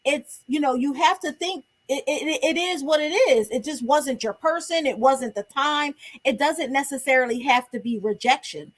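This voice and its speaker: A woman's voice: high voice, normal speed, few pauses. A woman co-hosting a casual podcast chat, talking in a reflective, advice-giving way. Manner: earnest, reflective, gives advice. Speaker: podcast co-host.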